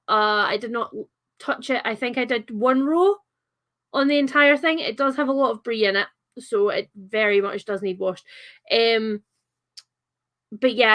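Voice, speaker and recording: A woman's voice: a little high, a bit bright. A young adult woman with a Scottish accent chatting on a livestream, reading out comments with lots of fillers and giggles. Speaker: livestream host.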